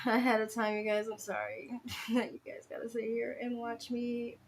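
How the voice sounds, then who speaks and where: A woman's voice: a little high, little pitch movement, measured pace, slight background noise. A woman vlogging casually to her viewers, dismayed and laughing through her frustration. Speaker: crafting vlogger.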